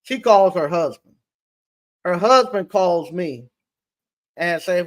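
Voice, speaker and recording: A man, an appliance repair business owner, telling stories in a casual interview with a halting, rambling delivery full of restarts. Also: high voice, animated, a bit bright.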